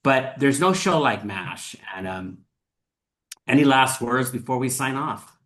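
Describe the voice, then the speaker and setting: A man hosting a podcast, talking in a thoughtful, earnest way with many pauses and fillers. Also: mid-range voice, animated, a bit bright. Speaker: podcast host. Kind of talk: casual chat.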